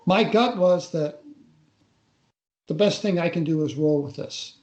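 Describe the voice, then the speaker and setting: Older man, halting storyteller, roomy echo. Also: a little high, darkish tone. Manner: halting, repeats words while recalling. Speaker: interview guest. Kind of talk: casual first-person storytelling. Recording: roomy echo on a radio interview.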